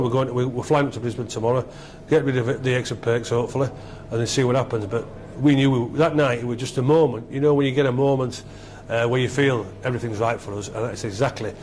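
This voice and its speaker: A middle-aged man, a former rugby captain being interviewed, telling stories excitedly and repeating himself. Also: mid-range voice, fast, slight background noise. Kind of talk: animated storytelling interview.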